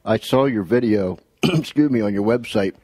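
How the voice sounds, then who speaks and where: A middle-aged male radio host with a Pittsburgh accent and a fairly low voice, easygoing and chatty, laughing along with his guest. The sound is close and dry. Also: expressive, normal speed, a little mellow, no room sound. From Altoona, Pennsylvania, USA. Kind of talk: radio interview chat.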